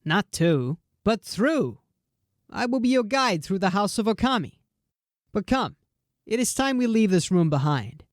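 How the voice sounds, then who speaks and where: A woman voicing a small, yellow-furred male creature guide in an audiobook, talking softly and musingly in a teasing way. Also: big pitch swings, a little slow, no room sound, studio quality. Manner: soft, musing, with swooping pitch. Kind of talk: audiobook character voice.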